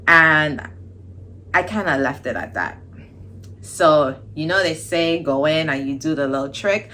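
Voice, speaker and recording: Low-voiced woman telling a story. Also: unhurried, slight background noise. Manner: animated storytelling, acts out quoted dialogue. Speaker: vlogger. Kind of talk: casual storytime.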